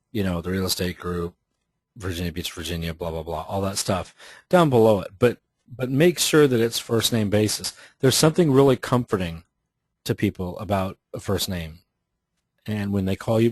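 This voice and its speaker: A man's voice: on the low side, a little mellow, no room sound, clean studio sound. A man teaching real estate agents how to write follow-up emails, in a conversational style full of restarts and fillers. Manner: conversational, many restarts and fillers, explains with examples. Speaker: real estate marketing trainer. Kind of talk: recorded training talk.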